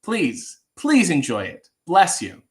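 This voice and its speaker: A man's voice: a little high, wildly swooping pitch, slow. A young man hosting a casual livestream, reading viewer requests and singing Christmas songs between loose, joking chat. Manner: sings Christmas songs, then chats loosely with swearing and asides.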